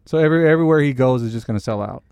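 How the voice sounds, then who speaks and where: A man's voice: medium pitch, very fast, vocal fry, darkish tone, smooth, dry recording. A man from Canada, co-hosting a casual sports podcast in a brash, joking, swearing way. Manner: brash, swearing, laughs often. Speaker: podcast co-host.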